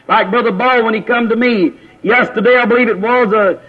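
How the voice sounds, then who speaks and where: A man's voice: extremely high pitch, fairly even intonation, a little fast, slightly rough. A man preaching a sermon, repeating his points and putting questions to the congregation, calling on brothers by name. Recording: tinny lo-fi phone-like recording.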